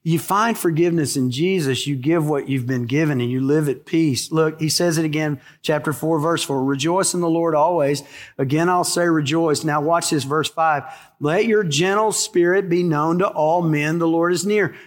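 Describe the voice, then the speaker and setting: High-voiced man preaching a folksy sermon. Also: normal speed. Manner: folksy, conversational preaching with emphatic repetition. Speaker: pastor.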